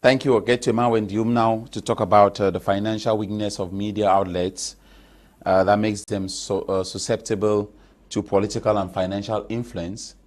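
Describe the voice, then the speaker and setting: A man from Cameroon hosting a TV panel discussion, asking questions in a measured way with frequent fillers. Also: fairly low pitch, little pitch movement, darkish tone. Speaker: talk show host.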